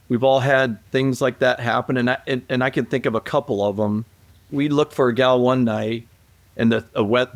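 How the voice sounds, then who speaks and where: A man's voice: mid-range voice, vocal fry, dry recording. A man who is a police aviation guest, telling stories in a rambling way with restarts and acted-out quotes. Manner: rambling, repeats and restarts, acts out quoted calls. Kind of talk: casual storytelling interview.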